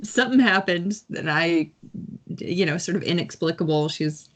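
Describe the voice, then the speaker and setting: A woman's voice: fairly low pitch, normal speed, a bit bright. A woman, playing her character in a tabletop game, hesitant and full of fillers. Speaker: player. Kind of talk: in-character tabletop role-play.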